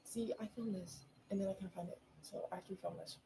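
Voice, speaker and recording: A woman's voice: medium pitch, steady tone, fairly quick, creaky, background noise. A young woman hosting her own podcast alone, chatting in a bubbly, rambling way with lots of giggles. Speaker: podcast host. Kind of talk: casual solo podcast chat.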